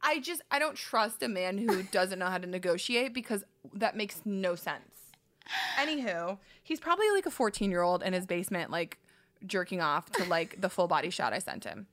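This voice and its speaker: Animated woman telling a funny story. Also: medium pitch, moderate pace. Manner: animated, laughing storyteller acting out quotes. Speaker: comedian and podcast co-host. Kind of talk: casual storytelling chat.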